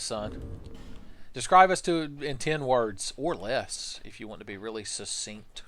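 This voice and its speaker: Fields: Role: game streamer. Sex: male. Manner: joking, rambling chat. Pitch: mid. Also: a bit bright, a little hiss or hum.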